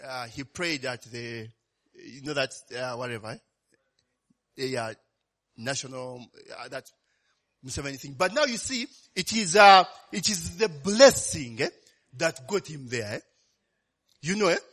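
A man preaching in a conversational, animated way, often tagging lines with "eh?". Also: mid-range voice, unhurried, long pauses. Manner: conversational, keeps asking "eh?" and "you know". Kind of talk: sermon.

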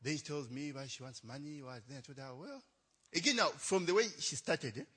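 A man's voice: on the high side, animated, brisk, fairly bright tone, slightly rough. A young adult man, a pastor telling a story in a chatty sermon, laughing often and tagging lines with "eh?".

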